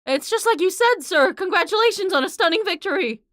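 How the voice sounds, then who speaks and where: A woman's voice: very high-pitched, lively intonation, brisk, pitched above the performer's own voice. A woman voicing a young, eager police officer in a game who fawns over his superior. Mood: fawning. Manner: bright, eager and obsequious.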